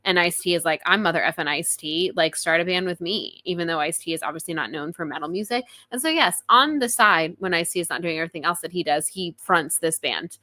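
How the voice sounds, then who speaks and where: A young woman co-hosting a casual podcast, rambling through stories with quick asides and apologies. Her voice is bright and forward, sitting a touch low for a woman, and it sounds dry and close on the mic. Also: no room sound. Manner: rambling, chatty, self-deprecating, quick asides. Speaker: podcast co-host.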